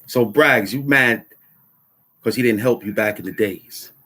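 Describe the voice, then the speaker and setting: Here the middle-aged vlog host's fairly low voice sounds pushed and bright with a breathy edge, his delivery a little slow. He rants casually about politics to camera, repeating phrases for emphasis in heated street slang.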